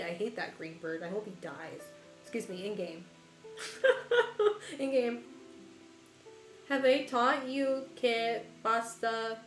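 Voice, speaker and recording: Woman streamer chatting w her chat, slow drawl, laughs a ton, swears a bit, echoey room w faint music. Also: fairly high pitch, a bit bright. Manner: laughs often and swears casually. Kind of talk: casual chat with viewers while gaming. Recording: roomy echo with faint music behind.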